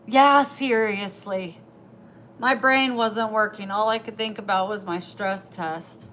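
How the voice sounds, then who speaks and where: A middle-aged woman vlogging casually at home, chatting in an animated way to herself and her viewers. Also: mid-range voice, unhurried. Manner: chatty, animated self-talk. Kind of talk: casual vlog chat. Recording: background noise.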